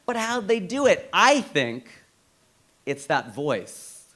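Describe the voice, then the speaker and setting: A man from the United States doing a stand-up comedy set, with an animated, incredulous punchline delivery. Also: sits high, slow pace, a little hiss or hum.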